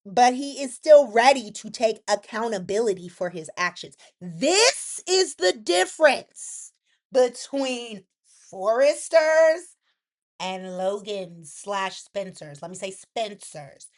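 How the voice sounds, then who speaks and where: Chatty woman recapping with lively pitch. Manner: chatty, animated, acts out characters' quotes in lively pitch jumps; opinionated asides to the viewer. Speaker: soap opera recap host. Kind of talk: casual recap vlog.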